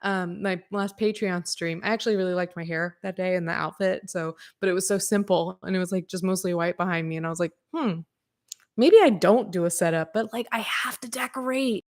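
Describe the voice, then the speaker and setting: A woman hosts a podcast livestream and talks straight to her chat. She rambles casually, full of fillers and restarts, and speaks frankly, even swearing at times. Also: on the low side, fairly quick, few pauses. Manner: talks to live chat readers. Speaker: podcast host.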